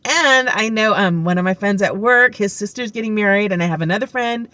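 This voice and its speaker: A woman's voice: mid-range voice, fairly quick, pushed and bright, no echo. A woman vlogging to camera, telling chatty, rambling stories full of fillers, upbeat and heartfelt. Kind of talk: casual chat to camera.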